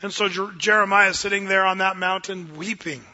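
A man preaching a sermon as a pastor, telling a folksy story with gentle self-deprecating humor. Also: high-pitched, steady tone, a little fast. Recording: dull lo-fi sound with long hall reverb.

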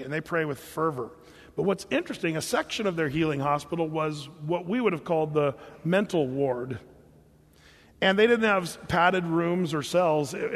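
Storytelling pastor in a reverberant hall. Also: male voice, on the high side. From California. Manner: storytelling, conversational with filler words and restarts. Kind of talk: sermon.

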